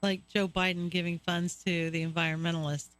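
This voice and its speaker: A man co-hosts a live stream in easygoing, casual chat. His voice is high-pitched and bright. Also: flat delivery, a little fast, dry recording. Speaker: co-host.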